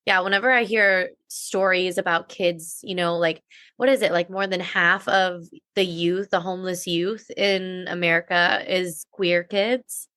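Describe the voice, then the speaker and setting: A woman's voice: lowish voice, steady tone, a little slow, bright, forceful tone, clean tone, no room sound, studio quality. A woman co-hosting a podcast, sharing candid personal stories in a casual, open way. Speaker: podcast co-host.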